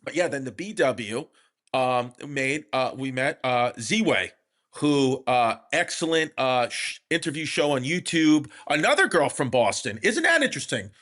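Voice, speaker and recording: A man's voice: mid-range voice, lively intonation, a little slow, a bit bright. A man hosting a comedy podcast, telling stories in a rambling way with lots of fillers and restarts. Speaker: podcast host. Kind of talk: casual comedy podcast chat.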